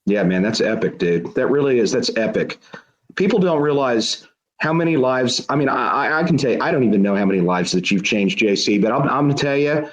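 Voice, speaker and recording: A man's voice: medium pitch, animated, a little fast, poor audio. Enthusiastic man hosting a podcast. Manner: enthusiastic, casual slang. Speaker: podcast host. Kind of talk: casual interview chat.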